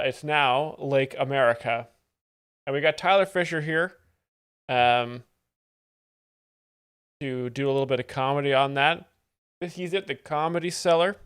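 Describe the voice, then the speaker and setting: A man hosting a live stream, commenting on comedy clips in a deadpan, sarcastic manner. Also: mid-range voice, smooth. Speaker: stream host explaining jokes.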